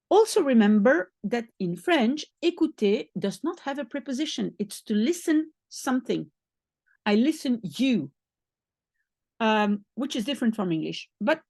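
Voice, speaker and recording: A Belgian woman with a Dutch first language teaches French to a beginner, speaking slowly and patiently and repeating each phrase. Her voice sits fairly high and swings widely in pitch. The sound is close and dry, with no room in it. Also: darkish tone, no echo.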